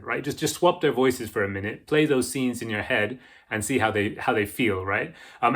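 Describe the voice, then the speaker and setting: A man from Britain giving casual video-essay commentary as a book vlogger, chatty and excitable with frequent restarts. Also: medium pitch.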